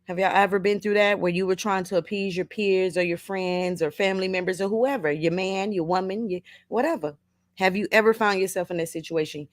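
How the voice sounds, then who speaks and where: A woman's voice: medium pitch, fairly even intonation, fairly quick. A middle-aged woman hosting a casual motivational livestream, reading viewers' comments aloud, laughing often and calling listeners baby and honey. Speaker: livestream host.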